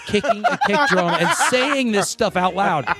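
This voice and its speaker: A man co-hosting a comedy podcast, telling stories with animated delivery. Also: sits high, moderate pace, heavy background noise. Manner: animated storytelling with put-on voices. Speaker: comedian co-host.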